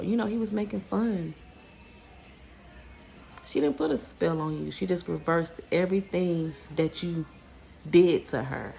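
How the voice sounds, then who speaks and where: Gravelly low-voiced woman chatting. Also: a little slow, darkish tone. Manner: rambling, restarting, fired up when ranting. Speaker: vlogger. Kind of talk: casual vlog chat. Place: outdoors then home.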